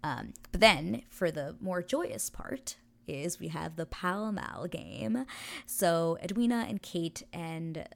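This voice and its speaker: Female podcast host, low gravelly voice, casual gushing recap, lots of "like" and restarts. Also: expressive, slow pace. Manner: gushing, chatty, full of fillers and restarts. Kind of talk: casual chat.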